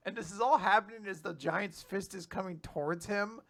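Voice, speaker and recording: High-voiced man recapping manga with laughs. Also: normal speed, dry recording. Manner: animated, laughs often, acts out characters' lines. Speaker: podcast co-host. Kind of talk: casual manga recap chat.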